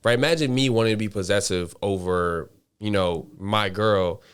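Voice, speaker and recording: A young man co-hosts a casual podcast chat in a smooth, resonant voice. He is emphatic and repeats phrases to press his point. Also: lowish voice, normal speed. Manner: emphatic, repeats himself for stress. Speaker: podcast co-host.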